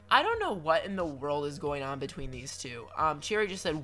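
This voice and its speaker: A man's voice: on the high side, very animated, fast talker, hardly any pauses, bright, forceful tone, faint music behind. A young man giving chatty, playful commentary over a video game, with lots of stammered restarts and mock-dramatic asides. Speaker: gaming commentator.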